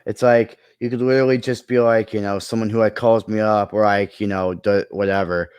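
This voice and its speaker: A man's voice: fairly low pitch, level tone, fairly quick, darkish tone, smooth, dry recording. A man in a casual chat who rambles through his movie ideas, with many restarts along the way. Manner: rambling, full of fillers and restarts. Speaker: creator pitching movie ideas.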